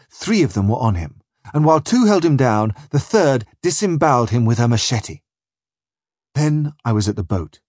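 A husky-voiced man narrates a first-person adventure tale, his pitch rising and falling with lively drama. The sound is close and dry, with no room around it. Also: dry recording. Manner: vivid, dramatic storytelling. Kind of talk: first-person audiobook reading.

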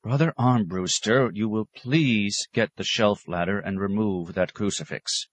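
A weary abbot keeping order with firm, deliberate words, as a male narrator puts him on. His voice is pitched a little above the reader's own, steady and controlled, recorded dry and close. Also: no echo. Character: stern, weary male abbot, calm authority.

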